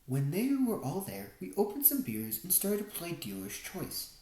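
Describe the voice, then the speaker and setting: A woman reading a first-person memoir as an audiobook narrator, expressive storytelling. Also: lowish voice, normal speed, echoey room, poor audio. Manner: expressive storytelling, wide swings in tone.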